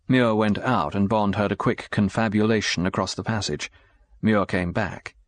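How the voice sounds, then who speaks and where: A man giving a measured, scripted audiobook narration. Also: lowish voice, fairly even intonation, no room sound.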